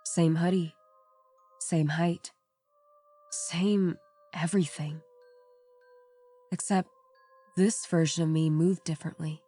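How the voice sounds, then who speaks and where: A woman reading a first-person horror story aloud in a measured, somber storytelling manner. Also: on the low side, warm tone. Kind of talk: scripted narration. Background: faint background music.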